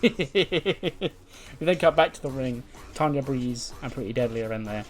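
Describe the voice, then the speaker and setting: Give me a chatty man commenting wryly on a wrestling game, with quiet music under him. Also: mid-range voice, lively intonation, measured pace. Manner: chatty, wry, laughs often. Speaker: let's-play commentator.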